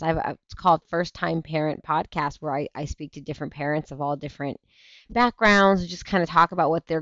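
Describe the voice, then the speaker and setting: A woman in her thirties hosts a casual talk show livestream, chatty and rambling, sounding tired and burnt out. Her voice is deep with no echo, and the stream audio is dull and lo-fi.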